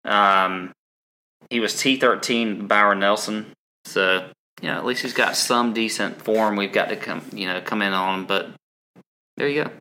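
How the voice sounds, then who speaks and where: A man's voice: on the low side, a little slow, sharp tone, a little hiss or hum. A man co-hosting a podcast, chatting casually with lots of ums and restarts. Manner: rambling, frequent ums and restarts. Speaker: podcast co-host.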